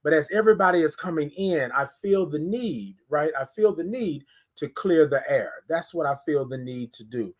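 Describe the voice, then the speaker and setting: Hosting a casual morning livestream, an energetic man talks directly to his viewers, leads guided breathing, and repeats himself. His fairly high voice moves at a normal speed with hardly any pauses. A phone or webcam sits close to his face.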